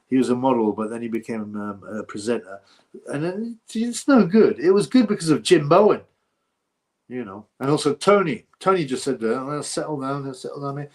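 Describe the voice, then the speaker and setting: A man hosting a livestream, blunt and rambling as he answers viewer comments in casual chat. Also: mid-range voice. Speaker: livestream host.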